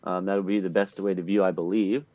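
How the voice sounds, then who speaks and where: A low-pitched man talks through a tabletop game recap as game master, often stopping on fillers and correcting himself. His voice is close to the mic and dry, with no room sound. He is on an online call from home. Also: level tone, fairly quick, warm tone, no echo, lo-fi sound. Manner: hesitant, many fillers and self-corrections.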